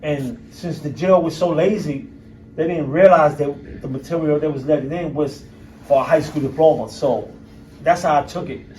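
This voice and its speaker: A middle-aged man speaks to a university audience in a blunt, streetwise manner, punching words with emphasis and swearing freely. His voice sits a little high for a man. It is picked up from some distance, so the room is heard around him. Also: moderate pace, darkish tone. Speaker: guest speaker. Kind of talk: candid storytelling talk to an audience.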